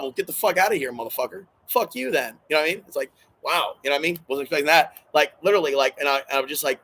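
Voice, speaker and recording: A man speaks alone to camera in a rambling vlog monologue, his voice pitched a little high for a man. He sounds agitated and hurt, circling back on the same phrases and swearing freely. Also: racing, sharp tone, rough recording. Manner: agitated, emotional, repetitive, swears often. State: distressed and hurting. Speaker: channel host.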